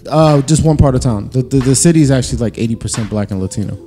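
A man from Newark, New Jersey, co-hosting a casual chat, animated and swearing freely as he argues his point. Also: mid-range voice, quick pace, big-room sound, soft background music. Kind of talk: casual banter.

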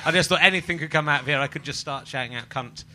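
A man's voice: fairly high pitch, quick pace, bright, forceful tone, a little hiss or hum. A man hosting a comedy podcast interview, teasing and rambling in casual chat while under the weather. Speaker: podcast host.

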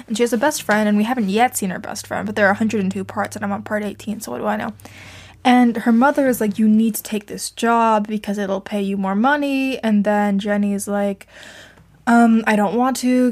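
A young woman chatting casually into a home mic, rambling and self-deprecating, with lots of fillers and laughs. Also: fairly high pitch. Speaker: podcast host reviewing fan fiction. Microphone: home mic she adjusts herself.

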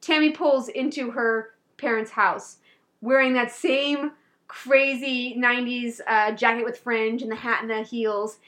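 A high-pitched woman with a bright, crisp tone recaps a film in casual conversation. She tells the story with lively energy, slipping into the characters' lines as she goes. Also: unhurried. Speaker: podcast co-host. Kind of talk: casual chat recapping a movie.

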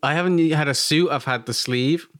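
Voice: medium pitch, a little fast, a bit bright, dry recording, clean studio sound. A podcast host chatting loosely with a guest, laughing often. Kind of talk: casual podcast chat.

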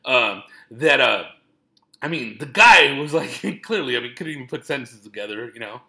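A man's voice: mid-range voice, expressive, normal speed, creaky, sharp tone. A man in casual podcast chat, rambling and joking, with frequent swearing.

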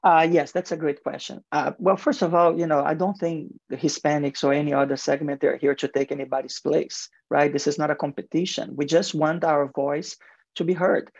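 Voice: mid-range voice, fairly even intonation, normal speed, creaky, no echo. A guest in marketing and advertising speaks earnestly in a radio interview with a heavy accent and frequent restarts. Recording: dull lo-fi radio sound, dry.

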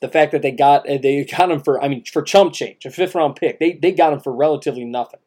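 A man's voice: a little high, quick pace, a little mellow, breathy edge. A man co-hosting a casual sports podcast, emphatic and repetitive, with many restarts. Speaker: podcast co-host.

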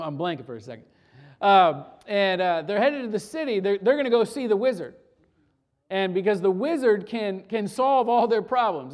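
A man preaching a sermon in a conversational way. He often restarts his words and drops into soft, hushed stretches. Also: high voice. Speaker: pastor.

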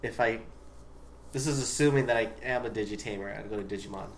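A man's voice: fairly low pitch, fast, a little hiss or hum. A man speaking in an easygoing, matter-of-fact way in a casual podcast chat.

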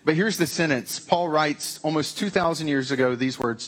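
A man's voice: a little high, normal speed, few pauses, a bit bright. A man preaching a conversational sermon, with frequent restarts and casual asides. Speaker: pastor.

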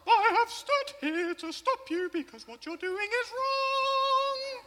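A performer playing a stern angel in a church skit, making slow, solemn pronouncements. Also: very high-pitched, expressive, big-room sound, heavy background noise, heavily acted.

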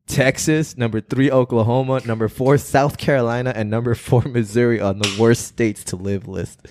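A man's voice: medium pitch, fairly even intonation, normal speed, darkish tone. A man co-hosting a podcast in loose, profane casual chat, laughing between lines. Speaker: podcast co-host.

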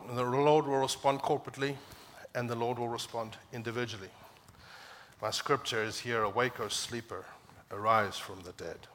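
A man preaching a sermon as pastor, passionate, climbing to emphatic peaks and dropping low and quiet when quoting scripture. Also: slight background noise. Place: church.

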